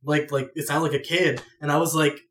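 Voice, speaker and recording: A man with a somewhat high voice rambles through a story among friends. He fills the gaps with "like" and restarts his sentences as he goes. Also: steady tone, a little fast, fairly bright tone, reverberant. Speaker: podcast co-host. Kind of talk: casual chat.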